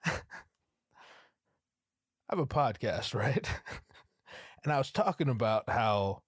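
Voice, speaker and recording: Hoarse, profane podcast host rambling. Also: male voice, medium pitch, expressive, takes it slowly, no room sound. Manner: profane, rambling, sarcastic storytelling. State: hoarse, strained throat. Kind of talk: casual comedic monologue.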